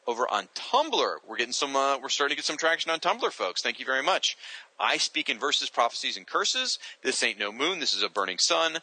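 A man hosting a podcast, casually reading out listener shout-outs and stumbling over names now and then. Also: medium pitch, no room sound, rough recording. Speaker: podcast host.

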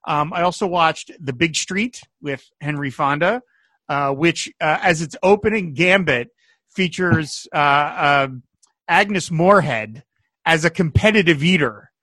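Bright-voiced man telling stories. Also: on the high side, unhurried, no echo, clean studio sound. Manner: animated storyteller, acts out quotes. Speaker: podcast host. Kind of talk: casual chat.

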